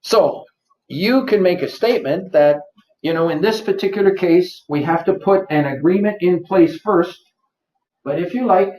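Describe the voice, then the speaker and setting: High-voiced male seminar presenter, coaxing, repeats key points, recorded far off in a roomy space. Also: moderate pace. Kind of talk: live workshop lecture. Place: office seminar room. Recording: roomy, distant, dull lo-fi.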